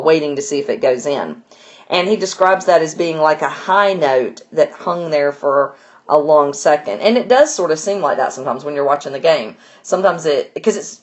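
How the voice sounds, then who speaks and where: A woman with a low voice walks listeners through a poem line by line. She explains in a loose, chatty way, full of fillers and restarts. The tone is that of a relaxed lesson. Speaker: teacher. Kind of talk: casual poetry lesson.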